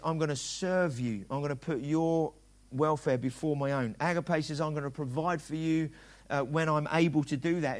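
A middle-aged man preaching a sermon as a pastor, talking conversationally and acting out dialogue in quoted voices. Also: medium pitch.

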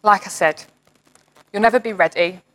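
A woman's voice: mid-range voice, normal speed, fairly bright tone, low-quality recording. A woman giving an informal online sermon, reading psalms aloud in an earnest, encouraging way. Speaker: church leader.

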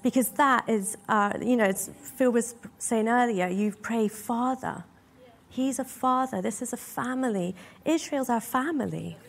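A woman's voice: on the high side, unhurried, gravelly. A woman preaching a sermon in a church hall, earnest and emotional, asking her listeners many rhetorical questions.

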